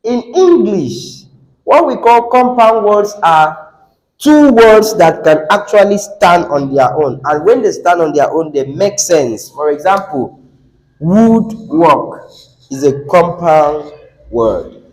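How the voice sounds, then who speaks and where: Slow-talking teacher quizzing his class. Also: a little high, expressive, darkish tone, poor audio. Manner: asks the class rhetorical questions, repeats words for emphasis. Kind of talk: classroom lecture.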